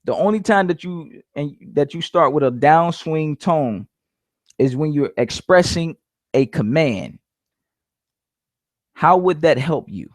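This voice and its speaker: A man's voice: on the high side, animated, takes it slowly, long pauses, no room sound, studio quality. A man giving casual sales coaching, repeating his points emphatically and calling his listeners "guys". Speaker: network marketing coach.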